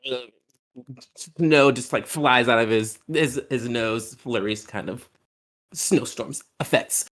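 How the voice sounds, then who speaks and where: A man runs a tabletop game in a loose, rambling way, full of pauses and fillers. His voice is mid-pitched and casual, and he is quick to slip into joking. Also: fairly bright tone. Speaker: game master.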